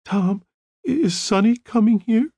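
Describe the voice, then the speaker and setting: A man voicing a frightened, weepy young wife, his voice raised high and trembling. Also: expressive, a little slow, mellow, breathy edge, dry recording, clean studio sound, full character voice.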